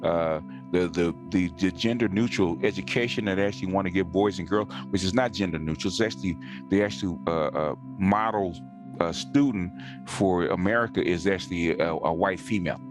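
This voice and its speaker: A man's voice: sits low, fairly quick, over music. A man in casual conversation, talking emphatically and insistently, circling back to stress his points. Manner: emphatic, insistent, leans on repeated words.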